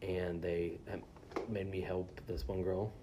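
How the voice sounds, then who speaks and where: A man's voice: low voice, flat delivery, slow pace, noisy background. A young man co-hosting a casual podcast, telling a story with lots of swearing and acted-out quotes. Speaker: podcast co-host.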